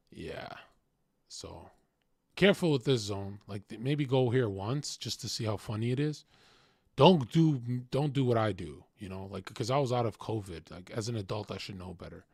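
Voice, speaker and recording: A young man talking casually in a crude, rambling storytelling monologue, swinging from loud outbursts to mumbled asides. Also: fairly low pitch, lively intonation, normal speed, creaky, slightly rough, no echo, clean studio sound. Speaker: podcast host.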